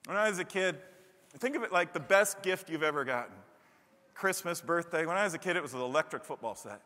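A man preaching a sermon, animated, breaking into loud high-pitched bursts when he acts out what people say. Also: fairly quick. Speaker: pastor. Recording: long hall reverb.

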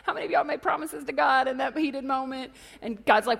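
High-voiced woman preaching in a reverberant hall. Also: fairly quick, vocal fry, hardly any pauses. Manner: animated storytelling, acts out voices and shouts. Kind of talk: sermon. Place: church hall.

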